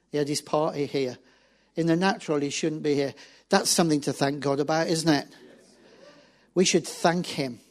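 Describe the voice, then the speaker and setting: A man, a pastor preaching a sermon and acting out biblical dialogue as he tells the story. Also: fairly high pitch.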